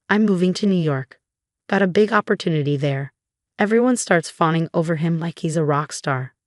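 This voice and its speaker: Woman reading a first-person story, kinda low pitched, no room echo at all. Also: studio quality. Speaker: story narrator.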